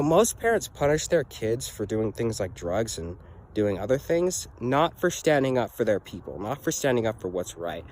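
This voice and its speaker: A man's voice: fairly low pitch, noisy background. A teenage boy telling his own story in an earnest, rambling way, often saying "anyways". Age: teens. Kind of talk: personal story to camera.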